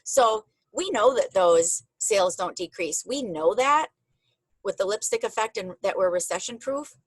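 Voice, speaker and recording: A woman hosts a casual online chat, talking in a gushing, emotional, chatty way. Her voice sits at a middle pitch and sounds dry and close, with no room around it. The audio comes over a video call. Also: lively intonation, normal speed, breathy edge, no echo, poor audio. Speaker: host.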